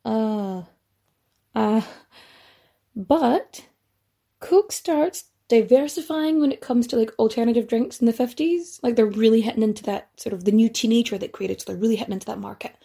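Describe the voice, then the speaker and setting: A chatty woman hosts a history podcast, telling her story with loose asides and the odd swear word. Her voice sits a bit high, with a mellow, darker tone and a husky edge. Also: moderate pace. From Ireland. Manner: chatty and rambling, swears casually, frequent fillers and asides. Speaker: podcast host.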